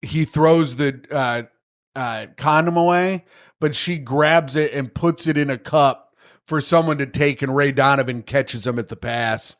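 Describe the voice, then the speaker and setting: A man's voice: mid-range voice, steady tone, measured pace, a bit bright. A man in his thirties co-hosting a podcast, reading a news story aloud and riffing on it with crude jokes. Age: 30s. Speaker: podcast co-host. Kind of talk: casual comedic chat, reading news aloud.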